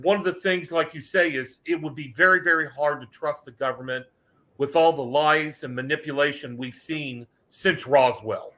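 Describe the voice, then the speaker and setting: Bright-voiced older man, earnest rambling talk. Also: fairly high pitch, normal speed. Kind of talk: casual podcast conversation.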